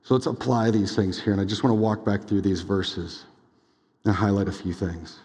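A young adult man preaching a sermon as pastor, casual and animated, full of "like"s and quick asides. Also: on the low side, slightly rough. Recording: long hall reverb.

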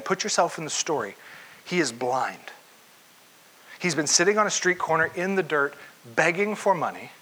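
A man preaching a sermon, telling a story with expressive delivery and acting out parts of the scene. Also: fairly high pitch, poor audio.

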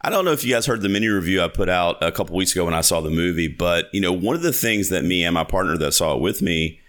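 A man's voice: deep voice, expressive, fast, a bit bright. A man hosting a podcast interview, chatting casually and enthusiastically, rambling with lots of fillers and restarts. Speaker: podcast host.

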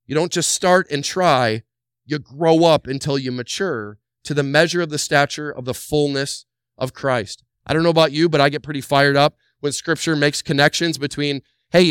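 A pastor preaches with animated energy, slipping into the voices of his congregation to make his point. His voice is smooth and resonant, a little higher than most men's, and the sound is dry and close. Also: no room sound. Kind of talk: sermon.

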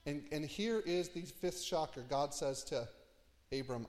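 A man preaching an expository sermon, telling the story with lively asides and dropping low and quiet for emphasis. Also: measured pace, long reverb tail. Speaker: pastor.

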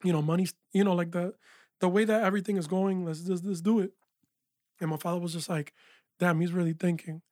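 A man with a high-pitched voice tells his story as a guest in a relaxed interview. He talks with animated energy and leans on "yo" and "like" often. The sound is dry and close, as in a small studio. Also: brisk, dry recording. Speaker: guest, music producer and engineer. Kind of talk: casual interview chat.

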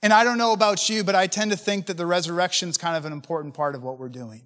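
A man's voice: high voice, fast talker, fairly bright tone, big-room sound. A man preaching to church leaders with passion, talking in a conversational way and asking many rhetorical questions. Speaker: pastor.

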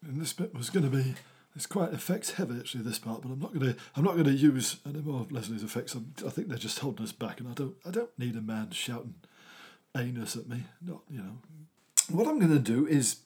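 A man's voice: mid-range voice, expressive, fairly quick, a little mellow, slightly rough. A man hosting a comedy show, rambling and interrupting himself as he improvises a cheery children's story. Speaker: host.

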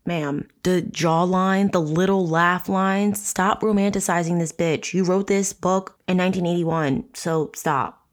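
A woman's voice: lowish voice, steady tone, a little slow. A woman hosting a true crime podcast. She reads from a book aloud and breaks off into blunt, sarcastic, profane commentary. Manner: blunt, sarcastic, swears freely. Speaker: podcast host.

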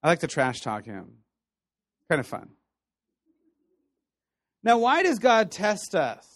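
Guy preaching a sermon, kinda high voice, chatty storytelling, dry close sound. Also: slow, no echo. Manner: conversational, animated storytelling with laughs. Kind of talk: sermon teaching.

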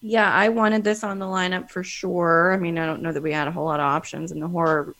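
A woman co-hosting a casual film chat, measured and thoughtful with some ums. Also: lowish voice, fairly even intonation, a bit bright. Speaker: podcast co-host.

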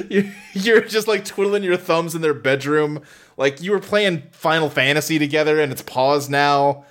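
A man's voice: a little high, normal speed, a bit bright. A man co-hosting a podcast, recapping a cartoon episode in casual chat, laughing often and acting out lines. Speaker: podcast co-host.

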